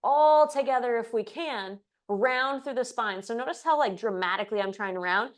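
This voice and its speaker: Breathy-voiced woman cueing yoga poses. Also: on the high side, moderate pace. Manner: breath-paced cues, chatty asides with light laughs. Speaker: yoga instructor. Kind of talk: cueing a live yoga class.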